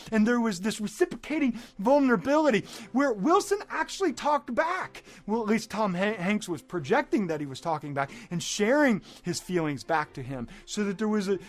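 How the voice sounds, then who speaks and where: A middle-aged man speaks as a life coach in a high, light voice. His motivational talk is animated, and he keeps breaking into excited acted-out moments. Faint music plays underneath. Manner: animated, acts out scenes in excited bursts.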